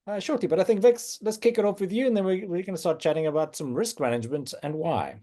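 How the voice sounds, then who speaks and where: Halting, chatty male livestream host. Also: sits high, mellow. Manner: halting, with many fillers and restarts. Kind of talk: casual livestream chat.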